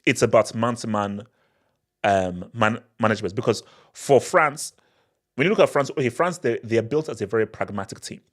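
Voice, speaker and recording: A man hosting a casual live question-and-answer stream, talking in an animated way with many restarts and frequent laughter. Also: medium pitch, moderate pace. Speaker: football channel host.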